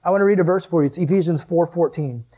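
Youth pastor, male, slightly high voice, chatty and emphatic sermon delivery with light jokes. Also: fast, mellow, breathy edge. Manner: conversational, joking asides, emphatic. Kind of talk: casual sermon.

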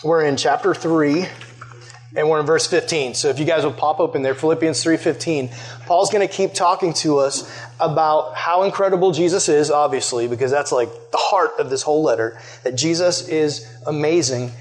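A man's voice: fairly high pitch, normal speed. A young man giving a casual sermon as a youth pastor, chatty and full of "like" fillers, asking his listeners questions. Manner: chatty, loaded with "like" fillers, conversational.

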